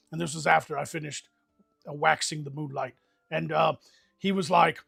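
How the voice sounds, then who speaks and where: A man's voice: fairly high pitch, level tone, fairly quick, gravelly, fairly bright tone, husky, dry recording, studio quality, soft background music. A man rambling through crude, comic adventure stories in an improvised role-play livestream. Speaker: game master and player.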